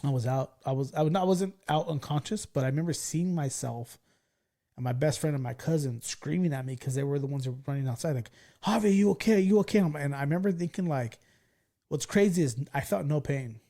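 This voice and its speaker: A man in his forties from California, hosting a podcast and telling stories in a loose, profane, excitable way. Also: medium pitch, fairly quick. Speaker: podcast host. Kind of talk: casual storytelling chat.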